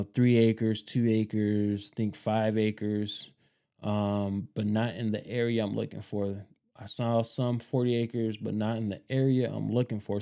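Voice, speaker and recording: A man hosting a homestead vlog, talking casually and rambling, repeating himself with relaxed slang. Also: mid-range voice, smooth. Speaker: homestead channel host.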